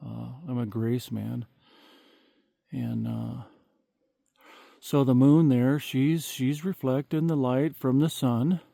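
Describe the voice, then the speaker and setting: A man's voice: mid-range voice, fairly even intonation, slow pace, creaky, pauses often, warm tone, no echo, clean studio sound. A man in his fifties rambling folksily with lots of fillers, vlogging outdoors at night in the countryside. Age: 50s.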